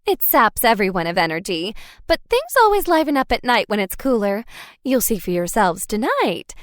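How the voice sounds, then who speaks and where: Woman doing a high sing-song resort guide, storybook, lively lilt, dry close sound. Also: normal speed, dry recording. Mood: chirpy. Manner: bright sing-song salesy cheer. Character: perky woman guide, chirpy hostess.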